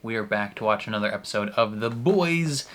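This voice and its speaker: A man's voice: lowish voice, monotone, racing, a bit bright. A young man hosting a reaction channel, talking casually to camera in a rambling, jokey way with laughs between phrases.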